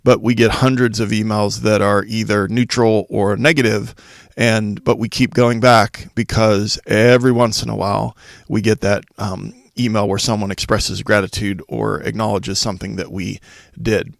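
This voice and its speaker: A man's voice: on the low side, level tone, normal speed, vocal fry, no echo, studio quality. A man hosting a solo podcast, explaining ideas point by point in a casual, unscripted way with some fillers and restarts. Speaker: podcast host for school leaders.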